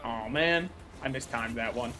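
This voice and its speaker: A man streaming a video game, talking through puzzles in a loud, projecting voice with joking, self-mocking asides. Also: mid-range voice, unhurried. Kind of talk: casual gameplay livestream commentary.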